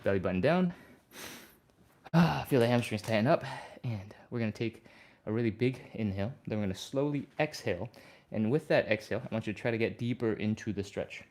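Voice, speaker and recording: Man, fitness instructor, live workout coaching, relaxed, upbeat, audible breaths between cues. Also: fairly low pitch, quick pace, few pauses. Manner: relaxed, upbeat, talks through each move.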